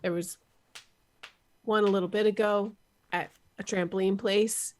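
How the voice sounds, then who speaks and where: A woman's voice: mid-range voice, fairly even intonation, unhurried. A woman in her thirties, co-hosting a podcast, talking in a chatty, teasing way. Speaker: podcast co-host. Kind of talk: casual book discussion.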